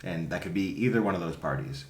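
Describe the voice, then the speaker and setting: A man who coaches youth soccer, telling stories in a casual podcast chat with emphatic, animated delivery. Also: low-pitched, fast talker. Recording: roomy echo.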